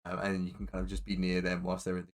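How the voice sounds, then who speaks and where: A man's voice: low-pitched, monotone, fast. A man running a tabletop game as game master, talking with many fillers and restarts.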